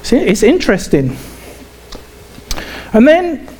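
A man with an English accent preaching a sermon in a conversational way, halting and often repeating himself. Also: very high-pitched, huge pitch swings, mellow, a little hiss or hum. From England.

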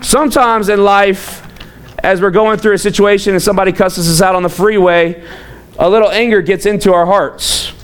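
A man in his thirties preaching a sermon as a pastor, telling personal stories in an animated way with frequent restarts. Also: high-pitched, moderate pace, clean tone. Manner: animated, storytelling, repeats words.

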